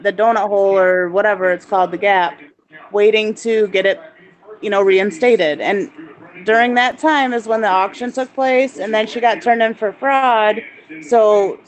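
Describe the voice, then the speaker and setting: A woman's voice: mid-range voice, low-quality recording. A woman hosting a live stream, explaining things at length in a chatty, rambling way. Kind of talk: casual chat.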